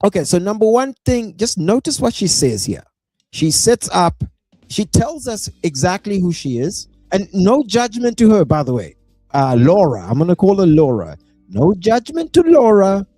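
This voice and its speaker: A South African man doing live reaction commentary, animated and prone to bursting into shouts and whoops. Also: high voice, normal speed, dry recording, faint music behind. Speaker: reaction streamer.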